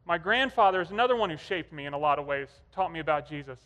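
High-voiced man preaching in a reverberant hall. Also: expressive, quick pace, sharp tone. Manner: conversational storytelling. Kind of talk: sermon.

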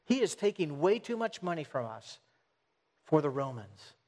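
Male preacher, earnest, repetitive emphasis, slightly high voice, some halting restarts. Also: sing-song, darkish tone. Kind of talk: sermon.

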